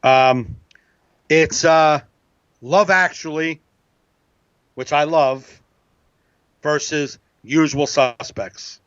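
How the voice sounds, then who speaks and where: A man co-hosting a loose podcast chat, swearing and laughing as he reads out matchups. His voice sits a little high. The sound is dry and a bit lo-fi. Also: drawn-out words, pauses often, fairly bright tone, clear, resonant tone, dry recording. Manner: laughs often, swears casually. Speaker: podcast co-host running a movie bracket. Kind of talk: casual podcast chat with a live chat room.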